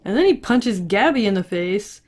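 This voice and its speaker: A woman's voice: mid-range voice, expressive, normal speed, darkish tone. Casual, profane woman recapping a story. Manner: casual, profane, wry asides. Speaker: recap host.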